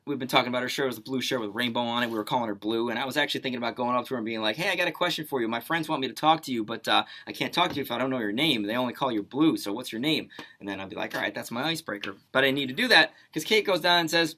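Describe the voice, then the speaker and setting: A man's voice: medium pitch, racing. A young man co-hosting a radio show, telling a story in casual banter and acting out the quotes. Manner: animated storytelling with acted-out quotes. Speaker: radio co-host.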